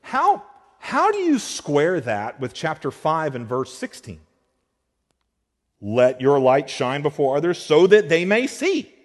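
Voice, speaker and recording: A man preaching a sermon as pastor, moving between quiet explanation and emphatic, rising declarations. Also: a little high, takes it slowly. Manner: animated preaching, swings between soft and emphatic. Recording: reverberant hall.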